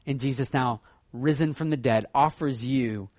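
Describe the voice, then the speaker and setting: Animated male pastor preaching. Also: normal speed, dry recording, studio quality. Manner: animated, swinging from loud excitement to hushed low tones. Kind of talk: sermon.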